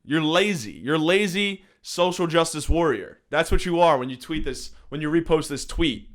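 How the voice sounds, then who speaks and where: A man's voice: fairly high pitch, animated, moderate pace. Ranting young man on a phone mic. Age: young adult. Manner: ranting, sarcastic, profane. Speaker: podcast host. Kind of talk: solo comedic rant. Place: room at home.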